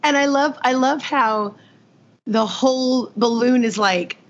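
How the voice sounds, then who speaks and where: Woman from the eastern US, lively storytelling. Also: sits high. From eastern United States. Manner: lively storyteller, quick asides. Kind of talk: casual book discussion. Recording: dull lo-fi podcast audio.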